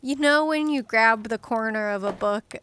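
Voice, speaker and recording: A woman's voice: fairly high pitch, moderate pace, fairly bright tone, slight background noise. A woman playing a tabletop game, rambling with many fillers. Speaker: player.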